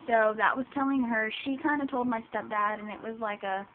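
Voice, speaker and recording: A woman's voice: fairly high pitch, a little fast, hardly any pauses. A seventeen-year-old girl talking hesitantly to the camera, with many ums and restarts. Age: teens. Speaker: vlogger. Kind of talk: personal vlog talking to camera. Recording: tinny lo-fi sound with hiss.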